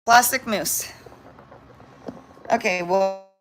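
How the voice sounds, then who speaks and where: A woman's voice: mid-range voice, very slow. A young woman from San Diego, with a Californian accent and a hint of New York, chatting bubbly on a livestream to her viewers and her pets. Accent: Californian, slight New York. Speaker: vlogger. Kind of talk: casual livestream chat.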